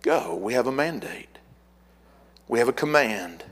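A middle-aged man preaching a fiery sermon as pastor, building to shouted repeated words. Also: medium pitch, animated, a little slow, slightly rough.

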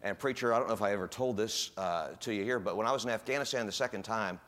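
A man's voice: fairly low pitch, fast talker, a bit bright. A man in his fifties, speaking as a guest at a church in a folksy, rambling way, full of fillers and restarts. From United States. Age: 50s. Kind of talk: informal church talk.

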